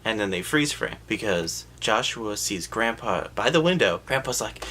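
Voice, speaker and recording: A man giving a sarcastic, profane comedic recap of a film, jumping into quick voices for the characters. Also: on the low side, animated, bright, forceful tone, slight background noise.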